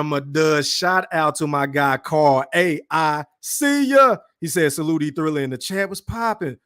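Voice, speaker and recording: High-voiced, boastful streaming host man. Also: fairly bright tone. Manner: boastful, profane, hypes up viewers. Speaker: podcast host reading chat. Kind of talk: casual livestream chat.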